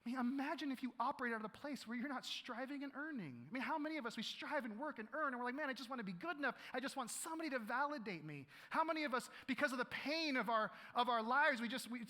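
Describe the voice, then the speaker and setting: A man preaching a sermon to a congregation, animated, often repeating words and acting out quotes. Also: very high-pitched, fast, hardly any pauses. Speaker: pastor. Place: church hall. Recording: live hall reverb.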